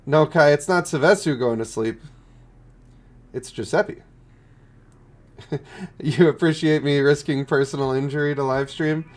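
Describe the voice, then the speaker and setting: A man streams a game and chats in a relaxed, low-key way while he answers viewers. He sounds stuffed up, his voice sits at an ordinary middle pitch, and faint music plays under him. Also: measured pace, long pauses. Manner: chatty, low-key, reading and answering chat. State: congested, stuffed up. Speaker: gaming streamer. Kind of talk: casual live-stream chat.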